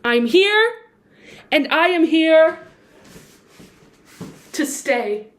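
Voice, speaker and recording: A woman's voice: sits high, extremely slow. A young woman vlogging at home into a built-in laptop mic, talking animatedly and bursting into snatches of song. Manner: animated, swings between quiet musing and bursts of excitement; sings snatches of songs between sentences. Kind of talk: casual sit-down chat to camera. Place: indoors at home, seated.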